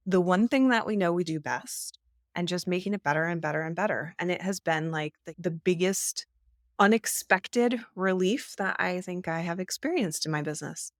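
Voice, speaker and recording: A woman guesting on a podcast, an agency owner telling candid stories about her business in a lively, conversational way. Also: lowish voice, normal speed, no room sound, clean studio sound. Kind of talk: casual conversation.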